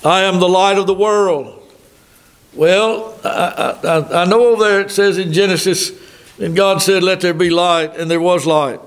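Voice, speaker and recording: Older Southern male preacher, high voice, folksy and conversational from the pulpit. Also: steady tone, normal speed. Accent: Southern American. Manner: folksy, thinking aloud with asides. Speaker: pastor. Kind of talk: sermon.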